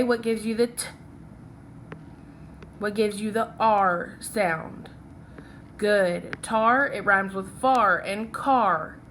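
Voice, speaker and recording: A young woman teacher leading a phonics lesson, talking slowly and checking in often with "okay?" as she writes along. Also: fairly high pitch, fairly bright tone, a little hiss or hum. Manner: slow, patient, checks in with "okay?".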